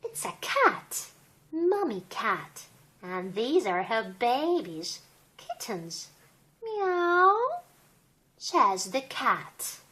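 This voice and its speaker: A woman reading a picture book aloud to a small child in a gentle, sing-song, child-directed way. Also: fairly high pitch, sing-song, slow pace. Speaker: storybook reader.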